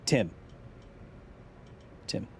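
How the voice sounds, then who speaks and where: This thirty-something streamer draws out his words over a slight background hiss while hosting a live gaming broadcast. Chatty by nature, he reads the chat aloud and explains science along the way. Being jumpy, he shouts whenever he gets a scare.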